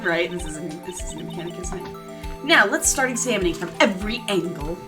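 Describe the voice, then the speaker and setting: Brief: chatty, giggly woman on a game stream, game music up loud behind her. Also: fairly low pitch, lively intonation, fast talker. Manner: giggly, chatty while eating. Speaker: co-player of a video game. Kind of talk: casual let's-play chat.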